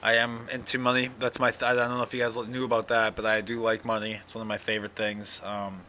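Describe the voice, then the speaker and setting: Man, podcast host, sleepy, rambling, swears a lot, bright forceful voice. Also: on the low side, monotone, fast, slight background noise. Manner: rambling, yawning, profane, full of fillers. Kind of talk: casual solo monologue.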